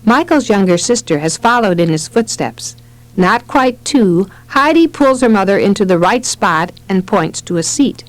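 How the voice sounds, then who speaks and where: A woman narrating a parenting audiobook, reading in an expressive storytelling manner. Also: medium pitch, normal speed, no room sound, rough recording. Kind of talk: scripted narration.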